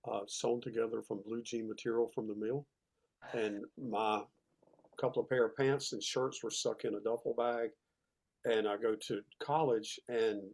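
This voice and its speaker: Southern guy telling his story, raspy gravelly voice, earnest and plain. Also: fairly low pitch, darkish tone. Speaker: podcast guest, former teacher. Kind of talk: earnest interview conversation.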